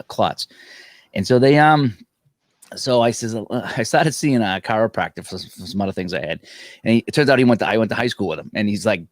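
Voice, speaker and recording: A man's voice: on the low side, no echo, studio quality. A man co-hosting a live gaming show, casually telling a long personal story, laughing often and acting out what other people said. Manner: animated, laughing, acts out other people's lines. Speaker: podcast co-host.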